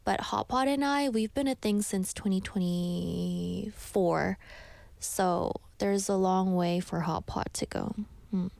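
A woman's voice: medium pitch, takes it slowly, vocal fry, darkish tone, no echo. A woman radio host chatting in a bubbly way and reading listener messages, in a radio studio.

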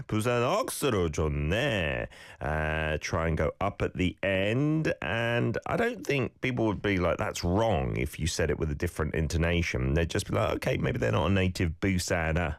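A man's voice: low-pitched, big pitch swings, moderate pace, gravelly, no echo, studio quality. A middle-aged man hosting a casual language lesson, chatty and explanatory as he reads out viewer comments. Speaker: language teacher and host.

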